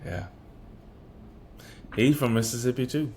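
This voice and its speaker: Man, podcast co-host, casual, short agreements, playful shout-outs, mid pitch. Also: fairly even intonation, a little slow. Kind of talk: casual chat.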